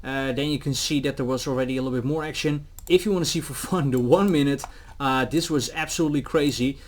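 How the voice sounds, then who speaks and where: A man giving casual crypto market commentary, animated, with many fillers and restarts, sometimes acting out officials. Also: mid-range voice, fast talker.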